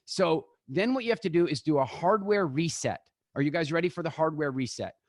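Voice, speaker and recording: A man talking to an online audience over a video call, his pitch rising and falling in a lively way. He acts out little scenes and turns to his listeners directly. The sound is dry and close. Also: brisk, no echo. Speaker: guest speaker. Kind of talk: live online talk to an audience.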